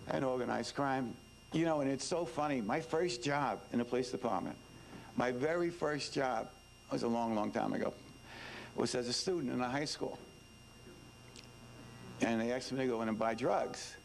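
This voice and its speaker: Older New man, gravelly and conversational. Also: mid-range voice, slight background noise, poor audio. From New York. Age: 70s. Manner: conversational, frequent "you know", emphatic repetition. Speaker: speaker and former detective. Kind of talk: informal speech to students.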